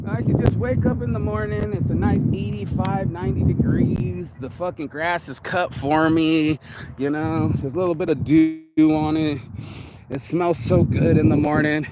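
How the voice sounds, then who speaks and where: A man's voice: on the high side, steady tone, moderate pace, very noisy. A man giving a casual, rambling motivational talk outdoors in a yard, swearing freely as he goes. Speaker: vlogger.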